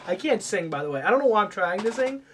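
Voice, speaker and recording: Man, comedic rant, bright tone, swearing, mock-angry yelling. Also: sits high.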